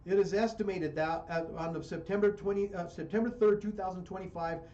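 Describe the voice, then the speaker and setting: A man's voice: high voice, fairly even intonation, fairly quick, warm tone, lo-fi sound. An American man hosting a radio show, giving fiery political commentary and repeating phrases for emphasis. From United States. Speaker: radio host.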